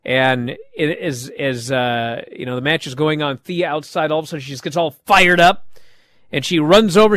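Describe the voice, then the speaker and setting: A man hosting a show, recapping wrestling in a casual, animated way and acting out the quoted lines. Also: fairly high pitch, normal speed, clear, resonant tone, dry recording, studio quality.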